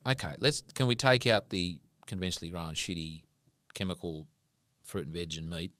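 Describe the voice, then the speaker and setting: Deep-voiced Australian man, animated storyteller. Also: moderate pace. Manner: animated storyteller, casual swearing. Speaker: guest farmer. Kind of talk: casual podcast conversation.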